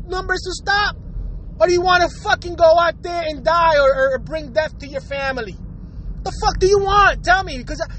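A man's voice: very high-pitched, fairly bright tone, poor audio. A man from the United States ranting hard at his viewers in a heated, blunt, profane way. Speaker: vlogger. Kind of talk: angry rant to camera.

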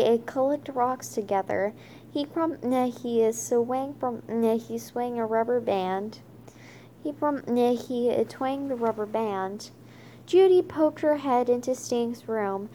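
Woman reader, slightly high voice, slow and halting storybook read-aloud with many restarts. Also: warm tone, a little hiss or hum. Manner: halting, with frequent fillers and restarts. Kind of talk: reading a children's chapter book aloud.

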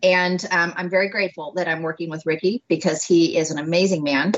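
A woman who is a doctor, telling a story as a guest in a casual interview, animated, acting out dialogue and laughing often. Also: on the low side, a little fast. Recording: dull lo-fi audio.

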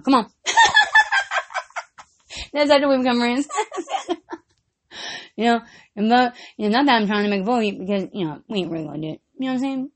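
A woman vlogger telling rambling, casual stories, swearing freely and breaking into frequent giggles. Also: fairly high pitch.

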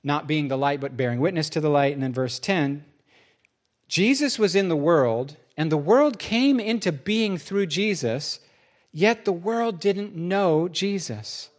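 A man preaching a sermon as pastor, telling stories in a lively way and jumping into other people's voices. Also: unhurried. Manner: lively storytelling, jumps into high voices for quotes.

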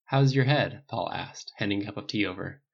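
Low-voiced male audiobook narrator, lo-fi. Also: brisk, creaky, slightly rough. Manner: reads all characters with small pitch lifts in dialogue. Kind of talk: scripted narration.

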